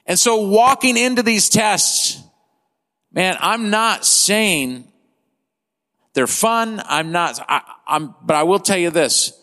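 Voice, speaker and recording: A man in his fifties preaching a sermon as pastor, impassioned, swinging between loud and hushed delivery. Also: high-pitched, slow. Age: 50s. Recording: long hall reverb.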